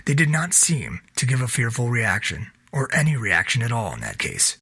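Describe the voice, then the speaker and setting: Man reading a novel aloud, husky, bright, lively pitch, dry close recording. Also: normal speed, dry recording. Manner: steady storytelling read. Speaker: narrator.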